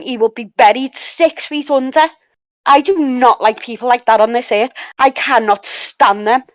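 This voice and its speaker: A woman's voice: a little high, no echo, rough recording. A woman on a live stream panel, indignantly and emphatically defending her partner and repeating herself. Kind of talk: heated live stream argument.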